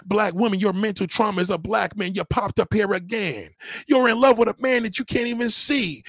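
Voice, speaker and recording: A man's voice: sits high, brisk, fairly bright tone, dry recording, clean studio sound. A man hosting a livestream, scolding a viewer in a heated, repetitive rant. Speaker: livestream host. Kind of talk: ranting commentary.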